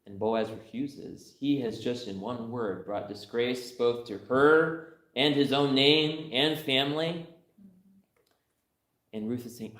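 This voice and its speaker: A man's voice: mid-range voice, takes it slowly, fairly bright tone. A young man preaching a sermon in a church, conversational and humorous, telling stories and laughing along. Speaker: pastor. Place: church sanctuary. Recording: roomy church hall.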